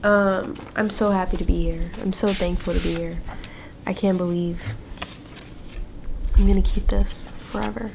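A young woman chats excitedly to her viewers from a hotel room, taking her time and gushing over everything. Her voice carries a clear room echo over a faint hum of ambience. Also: mid-range voice, a little slow, recorded from a distance. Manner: gushing, excitable, drops to whispers. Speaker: vlogger. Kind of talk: casual vlog chat.

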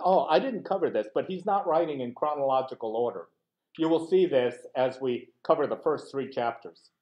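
An American pastor with a voice on the high side and a little mellow teaches a Bible study class. He talks conversationally, asks rhetorical questions and acts out short quoted exchanges.

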